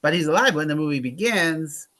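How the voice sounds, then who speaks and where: A man's voice: fairly high pitch, lively intonation, brisk, a bit bright. A man hosting a casual movie club chat, gossiping and making sarcastic asides about a film and its cast.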